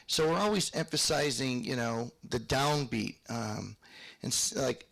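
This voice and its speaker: Gravelly man teaching square dance calling. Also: mid-range voice, animated, normal speed, fairly bright tone. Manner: chatty, explains with hums and called sample lines. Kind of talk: online workshop lesson with demonstrations.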